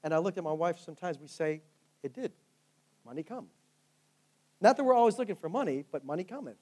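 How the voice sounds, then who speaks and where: A man's voice: sits high, expressive, racing, a little mellow. A male pastor preaching a sermon, telling stories with fervent rises and drops in volume. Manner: fervent storytelling preacher, rising and falling in volume.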